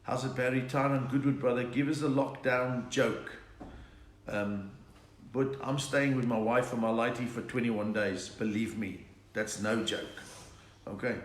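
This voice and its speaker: A South African man, a comedian, chatting and telling jokes on a live stream from home and answering viewers' requests. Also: mid-range voice. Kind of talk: live-stream joke chat. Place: home during lockdown. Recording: echoey room, faint noise.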